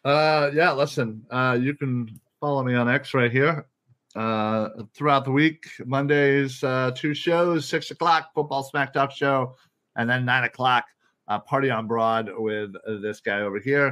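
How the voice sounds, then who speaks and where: A man's voice: medium pitch, steady tone, measured pace, a bit bright. A man co-hosting a casual sports podcast, joking and trash-talking brashly. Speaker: podcast co-host. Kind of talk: casual panel chat.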